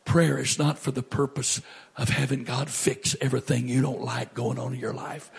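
A middle-aged male pastor preaching a sermon, animated, swinging from loud to hushed. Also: mid-range voice, moderate pace, creaky, husky.

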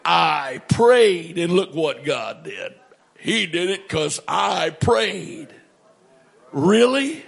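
High gravelly preaching man. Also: very slow. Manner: animated preaching, swings from loud to hushed. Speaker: pastor. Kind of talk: sermon.

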